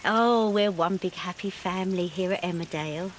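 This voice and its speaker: A woman's voice: fairly low pitch, normal speed, a little hiss or hum, lightly acted. An actress playing a gossipy village woman with a sugary, mocking manner in a TV soap. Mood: sweetly catty.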